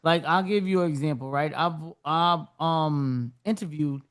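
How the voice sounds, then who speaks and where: A man hosting a podcast, asking questions in a relaxed, conversational and slangy way. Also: a little high, measured pace, smooth. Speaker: podcast host. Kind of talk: casual podcast interview.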